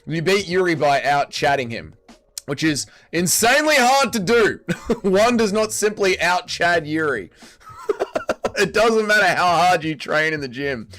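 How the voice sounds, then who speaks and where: A man's voice: sits high, animated, unhurried, a bit bright. Crude, bantering Australian guy streaming. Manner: blunt, crude, bantering, mock-outraged. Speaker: livestream host reading chat. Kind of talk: casual livestream chat.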